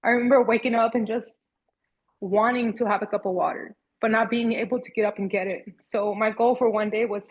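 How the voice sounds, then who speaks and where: A woman in her thirties recounts hard personal experiences as a podcast guest. Her voice is husky and her speech halting, with frequent restarts as she searches for words. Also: a little high, fairly even intonation, dull audio. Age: 30s. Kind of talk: emotional personal storytelling.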